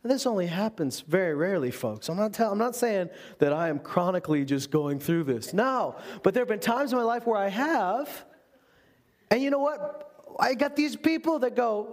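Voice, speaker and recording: High-voiced man preaching with lively humor. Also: normal speed. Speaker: pastor. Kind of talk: sermon.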